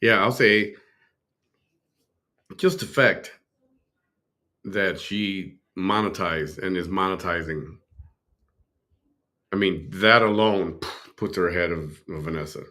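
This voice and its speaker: A man with a very deep voice hosts a reaction show. He comments in a relaxed, chatty way and often searches for words with fillers. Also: slow pace, pauses often. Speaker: reaction video host. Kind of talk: casual commentary.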